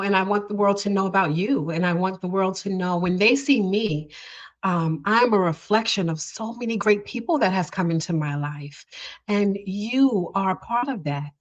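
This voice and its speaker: A woman hosting a podcast, speaking with earnest emotion, often restarting her sentences and breaking into soft laughs. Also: mid-range voice, highs cut off. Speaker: podcast host. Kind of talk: heartfelt podcast conversation.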